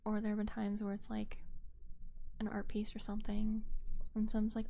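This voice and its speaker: A young woman murmurs a rambling casual chat in a soft, half-whispered voice, close to a binaural mic. Her slightly high voice carries a gravelly fry and a mellow, darkish tone. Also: monotone, normal speed, long pauses, a little hiss or hum. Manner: soft, rambling, with frequent fillers and light laughs. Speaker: VTuber ASMR streamer. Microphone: binaural dummy-head mic.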